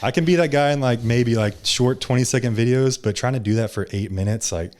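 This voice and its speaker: A young man as a podcast guest, talking in a laid-back, casual way with a fairly monotone delivery. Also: medium pitch, fairly quick. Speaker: podcast guest, social media creator.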